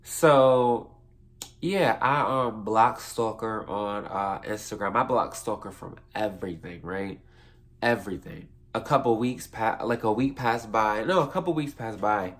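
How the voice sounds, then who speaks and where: A man's voice: lowish voice, a little slow. A young man casually telling a storytime tale for a vlog, rambling, swearing freely and correcting himself as he goes. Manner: rambling, profane, self-correcting.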